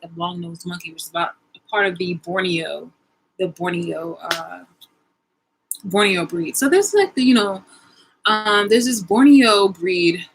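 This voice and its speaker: A young adult woman vlogging in a loose, slang-filled monologue, swearing freely and laughing as she goes. Her voice is bright and forceful with a slightly husky edge. She talks casually straight to her viewers. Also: lowish voice, low-quality recording. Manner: animated, swearing, laughing, slang-heavy storytelling.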